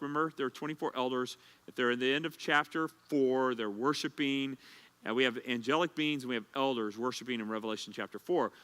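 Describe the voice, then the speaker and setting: A male pastor leads a Bible study in a loose, conversational manner. He tells personal stories with many fillers and restarts. His voice is bright and forceful, at a middle pitch. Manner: conversational, anecdotal, with filler words.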